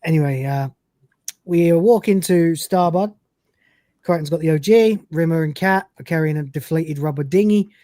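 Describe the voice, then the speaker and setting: A man's voice: fairly high pitch, moderate pace, mellow, dry recording, studio quality. A man hosting a live show, narrating scenes and reading lines aloud, with fillers. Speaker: podcast host. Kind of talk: live episode recap chat.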